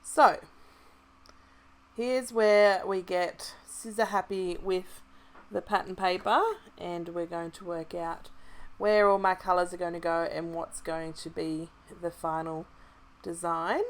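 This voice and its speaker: An Australian woman with a slightly low voice narrates her craft project in a relaxed, chatty way. She thinks aloud, trails off and corrects herself as she works. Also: takes it slowly. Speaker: craft kit club presenter. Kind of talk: casual craft tutorial voice-over.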